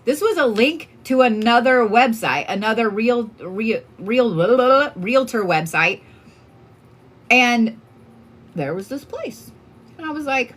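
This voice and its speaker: With a fairly high, expressive voice and a slow pace, an Oklahoma tarot card reader talks casually on a livestream. Her storytelling is candid and profane, thick with filler words.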